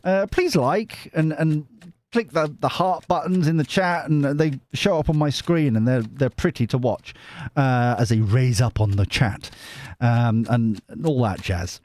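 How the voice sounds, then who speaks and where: A man's voice: medium pitch, a little slow, darkish tone, dry recording. A man hosting a casual tarot live stream, chatty and giggly with lots of restarts.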